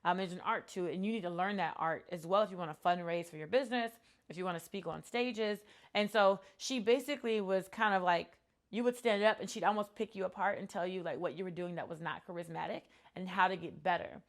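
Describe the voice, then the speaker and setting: A woman's voice: on the low side, brisk. A woman in her thirties talks straight to camera about what she has learned running a business. Her delivery is earnest and reflective, loose and conversational, with frequent ums and restarts. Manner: earnest, reflective, many fillers. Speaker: entrepreneur vlogger. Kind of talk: casual talk to camera.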